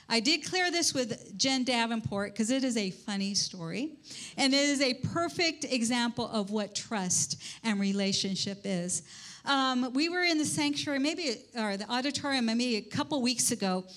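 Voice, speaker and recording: High-voiced older woman telling a story. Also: fairly bright tone. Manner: chatty, with many restarts and acted-out quotes. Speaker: church speaker. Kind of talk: storytelling talk to a congregation.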